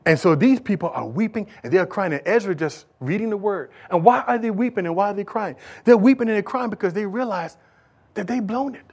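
High-voiced preacher man building to shouts. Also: a little fast. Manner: swings from quiet talk to loud shouting preaching; casual folksy asides. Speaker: pastor. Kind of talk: sermon.

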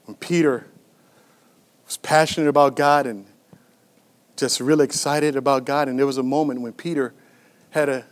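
A man preaching a sermon as pastor, passionate and dynamic, swinging from shouts to hushed whispers and calling out to the congregation. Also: mid-range voice, fairly even intonation, moderate pace, pauses often. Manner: calls out to the congregation.

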